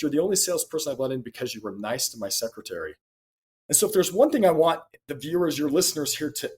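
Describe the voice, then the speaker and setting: A man being interviewed as a guest, telling a personal anecdote in a conversational way, acting out quoted dialogue and laughing between points. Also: mid-range voice. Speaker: podcast guest, speaker and author.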